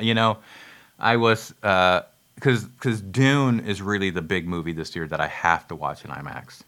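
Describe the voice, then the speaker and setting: Deep-voiced man rambling through a movie podcast. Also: pushed and bright. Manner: rambling, lots of fillers and restarts; chuckles now and then. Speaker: podcast host. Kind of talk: casual movie review chat.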